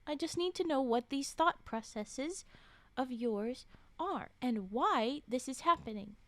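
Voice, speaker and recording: A woman's voice: high-pitched, animated, a little slow, dry recording. A woman voicing a blunt but concerned female professor who questions earnestly. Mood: probing. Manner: probing, earnest.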